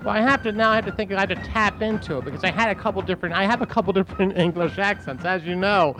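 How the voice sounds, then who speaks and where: A man co-hosting a comedy podcast in casual chat, rambling with many filler pauses. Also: sits high. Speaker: podcast co-host.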